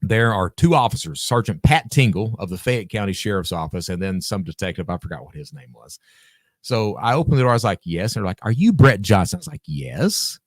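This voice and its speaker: A man with a low voice tells a story on a podcast, his pitch rising and falling in a lively way. He acts out the dialogue and swears freely. The recording is dry and close to the mic. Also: brisk, dry recording. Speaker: podcast guest. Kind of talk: casual storytelling.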